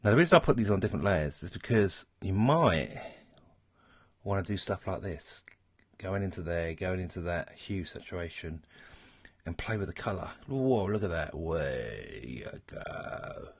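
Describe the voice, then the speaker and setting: A man's voice: deep voice, moderate pace, husky, no room sound. A man hosting a casual drawing tutorial, muttering and thinking aloud as he works. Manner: relaxed, mutters and thinks aloud while working. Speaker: art tutorial host.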